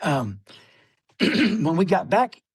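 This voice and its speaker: A man, a military veteran, telling stories as a podcast guest with many fillers, often clearing his throat. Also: sits high, very animated, extremely slow, dry recording. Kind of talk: casual storytelling interview.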